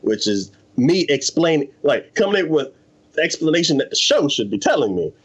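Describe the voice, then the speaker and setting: A man's voice: a little high, sing-song, a little fast, breathy edge, low-quality recording. A man in casual chat, animatedly retelling an anime plot and acting out the characters' lines, with lots of fillers. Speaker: anime podcast co-host.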